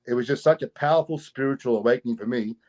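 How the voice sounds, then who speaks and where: A middle-aged Australian man from Queensland, telling a story as an interview guest in a casual, lively way and acting out the people in it. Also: medium pitch, fast talker. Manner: animated, laughing, acts out the people in his story.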